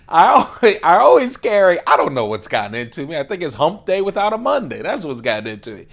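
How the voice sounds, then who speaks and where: A man's voice: medium pitch, big pitch swings, fast, vocal fry, fairly bright tone. A man hosting a casual show-and-tell vlog, playful and enthusiastic, chuckling often and drawing words out for emphasis. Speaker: host of an everyday-carry knife channel.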